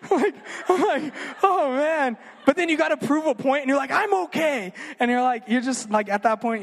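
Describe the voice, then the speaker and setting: Young man preaching in an echoey hall. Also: very high-pitched. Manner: chatty, filler-heavy, animated storytelling. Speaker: youth speaker. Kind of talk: casual sermon. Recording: long hall reverb.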